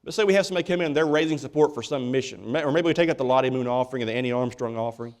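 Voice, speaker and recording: In a church, a male pastor delivers a sermon in a mid-range voice at a rapid-fire clip. His preaching is folksy and emphatic, and he restarts his words again and again.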